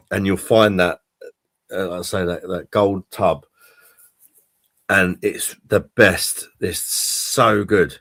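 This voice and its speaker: A man with a very low voice hosts a laid-back online pub chat, rambling about food and swearing freely. The sound is dry and close, with no room echo. His talk is loose and enthusiastic. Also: fairly bright tone. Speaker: livestream pub chat host. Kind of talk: casual chat. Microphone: streaming call mic.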